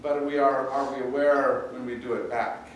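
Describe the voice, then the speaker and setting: A pastor preaching a sermon in a conversational, halting way, often repeating words. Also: male voice, medium pitch, steady tone, a little hiss or hum. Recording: roomy echo, distant mic, faint ambience.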